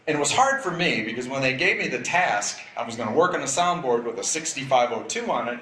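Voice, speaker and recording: Brief: older male presenter, chatty and wry, roomy hall sound, faint background hum. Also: a little high. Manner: relaxed, chatty, wry asides. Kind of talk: live presentation talk. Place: event room. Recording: echoey room with faint ambience.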